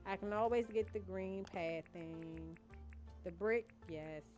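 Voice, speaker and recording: A young woman with a fairly low, darkish voice speaks slowly as she chats casually with her live-stream viewers, thinking aloud while she plays. She's a gaming streamer who muses out loud and calls her chat "y'all." Faint game music plays in the background.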